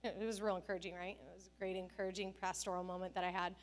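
A woman's voice: fairly low pitch, very fast. A middle-aged woman pastor giving a sermon, telling stories animatedly and acting out the quotes. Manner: animated storytelling with acted-out quotes.

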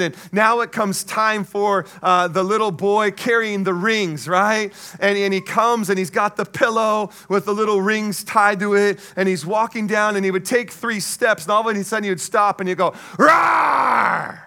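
Male pastor, high and bright voice, lively storytelling sermon delivery. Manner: animated storyteller, acts out voices, laughs.

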